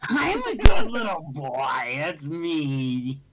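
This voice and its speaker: A man voicing a small eager pet creature, speaking high, slow and pleased. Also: huge pitch swings, fairly bright tone, heavily acted.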